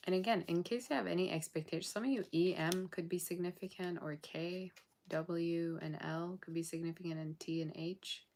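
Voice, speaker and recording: A woman with a low, gravelly voice gives a casual tarot reading to her viewers. She is blunt and sassy and sounds tired late at night. A faint hiss sits under the recording. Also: steady tone, normal speed, a little mellow. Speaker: tarot reader.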